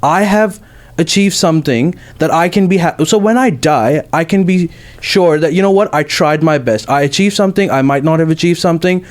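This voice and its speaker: A man's voice: fairly high pitch, moderate pace. A young man co-hosting a podcast, defending his view firmly and insistently. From Australia. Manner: firm, insistent. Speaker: podcast co-host. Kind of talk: casual chat.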